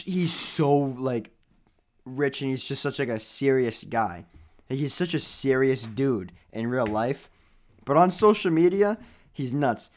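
A young man hosting a podcast in casual chat, excitable, breaking into loud laughs and trailing off with fillers. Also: mid-range voice. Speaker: podcast host.

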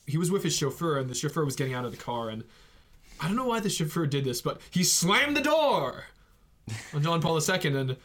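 A man's voice: on the high side, sing-song, a bit bright. A man hosting a casual faith podcast, joking and laughing between points. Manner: jokey and laughing, quick asides. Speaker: podcast host.

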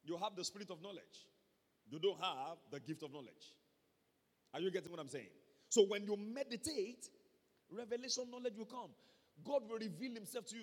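A man's voice: sits high, normal speed. A Nigerian man preaching a sermon as pastor, emphatic, repeating his key phrases and calling out for amens. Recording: long reverb of a large hall.

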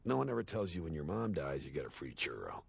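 A man voicing a washed-up male horse sitcom star, giving a rambling, sardonic, self-deprecating eulogy in an animated series. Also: a bass voice, fast talker, vocal fry, full character voice. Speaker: eulogy speaker. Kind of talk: animated series dialogue, comic monologue.

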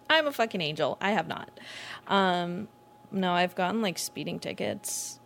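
A young woman in her twenties hosting a casual solo podcast, rambling and laughing often as she swears freely. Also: fairly low pitch. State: lightheaded from not eating. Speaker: podcast host.

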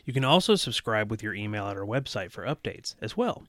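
A man's voice: lowish voice, very animated, brisk, a bit bright, dry recording. A man co-hosting a podcast, teasing and joking in casual chat. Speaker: podcast co-host.

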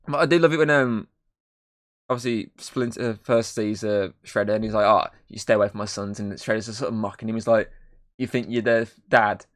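A man's voice: lowish voice, fairly even intonation, fairly quick. Rambling young man reviewing a film. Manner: rambling, lots of fillers and swearing. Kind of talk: casual podcast chat.

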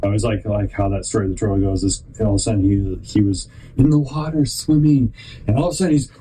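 Podcast host, man, mellow voice, rambling faith pep talk, animated storyteller. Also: fairly low pitch, slight background noise, rough recording. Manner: rambling, halting, self-interrupting.

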